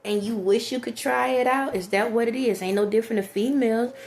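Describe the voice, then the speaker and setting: A woman's voice: a little high, brisk, a little mellow, a little hiss or hum. A woman, talking casually to her viewers in a rhetorical monologue and often laughing at her own jokes. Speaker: vlogger.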